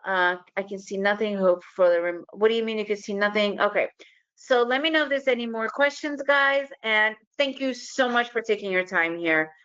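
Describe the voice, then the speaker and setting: A woman's voice: mid-range voice, moderate pace, a bit bright, clear, resonant tone. A woman wrapping up a webinar talk on a video call, friendly and upbeat. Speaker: guest presenter. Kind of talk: webinar presentation wrap-up. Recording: dull lo-fi online call audio.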